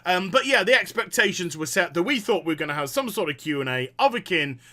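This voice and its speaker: High, lively man ranting. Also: quick pace. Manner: exasperated, profane, sarcastic. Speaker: gaming vlogger. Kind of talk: ranting reaction commentary.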